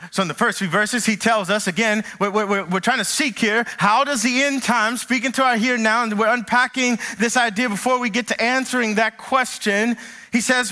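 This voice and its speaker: A man from the American South preaching a sermon, repeating words and slowing down dramatically on key phrases. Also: very high voice, sharp tone. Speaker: pastor.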